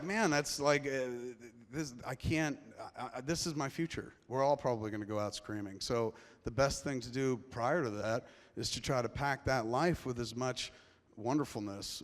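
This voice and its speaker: A middle-aged man telling a personal story live on stage, profane and rambling, his voice dropping to a hush and then rising loud. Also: mid-range voice. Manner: profane, rambling, swings between hushed and loud. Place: large theater before a live audience. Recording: long reverb of a large hall.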